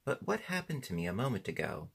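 A man's voice: lowish voice, big pitch swings, gravelly, breathy edge, exaggerated voice. A man voicing a puzzled wooden saw-horse. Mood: wondering. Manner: slow, wondering, literal-minded questions. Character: bewildered, humble wooden saw-horse come to life. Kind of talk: audiobook reading.

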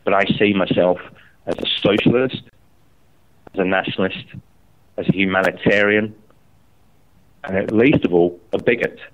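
A man's voice: deep voice, moderate pace, pauses often. A man from Scotland, angrily telling a story and swearing heavily while he chats. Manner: angry, swearing, animated storytelling. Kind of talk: heated casual chat. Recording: tinny phone line.

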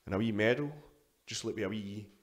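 A young Scottish man speaks in a fairly low voice as a guest in a relaxed chat. He tells his stories in a loose, rambling way, swearing often and circling back to restart sentences. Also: fairly quick. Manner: swears freely, storytelling with frequent restarts. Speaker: guest, powerlifter. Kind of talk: casual podcast interview.

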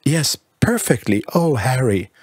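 An effusive young wife and mother, giddy and breathless, voiced by a man reading a storybook. Her voice sits well above his own and carries a husky grain. It is recorded dry and close, with no room around it. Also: medium pitch, expressive, a little slow, a little mellow, no echo. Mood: eager.

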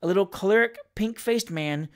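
An audiobook reader telling a classic comic novel aloud with expressive storytelling. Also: mid-range voice, moderate pace.

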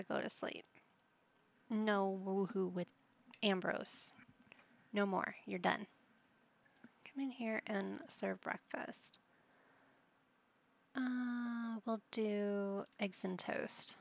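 A woman's voice: mid-range voice, vocal fry. A woman giving casual commentary over her life-simulation gameplay, chatting to her game characters as she plays. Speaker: gameplay channel host.

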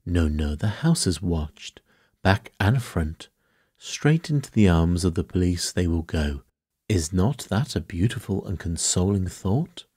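A man's voice: low voice, lively intonation, measured pace, a little mellow, husky, dry recording, studio quality, heavily acted. A man voicing a courteous, fussy elderly detective in a bedtime story reading, speaking formally with mild reproof. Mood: calm. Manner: formal, mildly reproving, polite.

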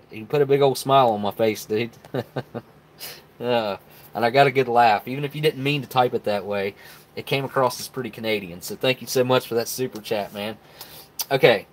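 A man hosting a casual live stream, greeting viewers by name and rambling through announcements. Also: medium pitch.

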